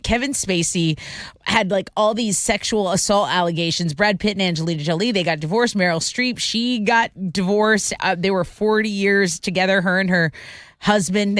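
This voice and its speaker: A woman's voice: medium pitch, normal speed, dry recording, studio quality. A woman co-hosting a radio show in casual chat, reading items aloud and laughing easily.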